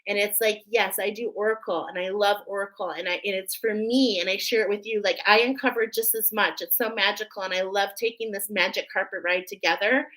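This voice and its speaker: A woman's voice: mid-range voice, fairly even intonation, a little fast, hardly any pauses, pushed and bright, poor audio. A middle-aged woman from Australia doing a casual spiritual oracle card reading, chatting with viewers as friends. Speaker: tarot and oracle card reader.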